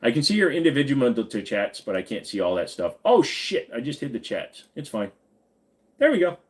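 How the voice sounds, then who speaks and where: A man in his forties talks loosely on a long live stream, worn out but still joking and reading comments from chat. His voice sits at a plain middle pitch, and he swears freely as he rambles. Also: very animated, a little fast. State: tired after hours of streaming.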